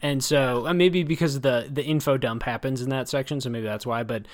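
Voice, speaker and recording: A man's voice: mid-range voice, steady tone, a little fast. A man co-hosting a casual book discussion, talking in long rambling stretches, correcting himself and wry. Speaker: book podcast co-host.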